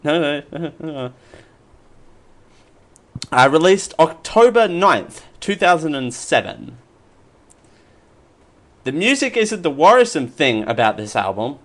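A man hosting a casual podcast and reading quiz questions, playful and quick to laugh. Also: fairly high pitch, big pitch swings. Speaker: quiz host.

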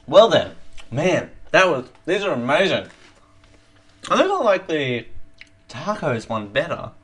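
A man hosting a live show, chatting casually and excitably while taste-testing snacks, sometimes talking with his mouth full. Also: on the high side, measured pace, husky. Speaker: host.

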